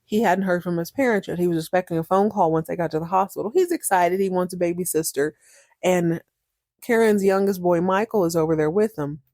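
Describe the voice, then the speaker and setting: A chatty woman recaps a TV episode in a casual podcast, animated and quick to repeat herself for emphasis. Her voice sits a little low for a woman. The sound is dry and close on the mic. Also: dry recording. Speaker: podcast host.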